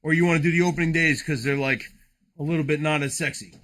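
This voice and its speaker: A man's voice: on the high side, fairly even intonation, quick pace, fairly bright tone. A man hosting a late-night card break, joking, rambling and swearing as he opens packs. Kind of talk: casual livestream card break.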